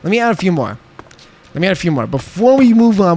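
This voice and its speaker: A man's voice: on the high side, very animated, fairly quick, gravelly, a little mellow. A young man streaming a game, chatting casually and talking back to his chat while he builds. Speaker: livestreamer.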